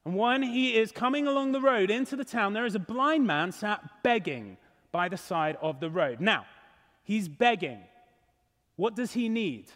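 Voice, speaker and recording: A man's voice: sits high, lively intonation, normal speed, fairly bright tone, big-room sound. A male pastor preaching a sermon in a church, earnest and emphatic. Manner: earnest, emphatic, rising and falling.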